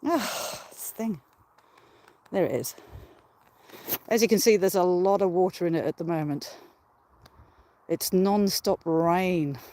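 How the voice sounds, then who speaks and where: An out-of-breath streamer rambles cheerfully while walking uphill outdoors, speaking into a handheld phone. The talk is chatty and loose, broken by frequent laughs, at an ordinary middle pitch. Faint noise sits behind the voice. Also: slow, long pauses, dark tone. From Australia. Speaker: host of a live stream. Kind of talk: casual live-stream chat while walking. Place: outdoors on a hill by a ruined castle.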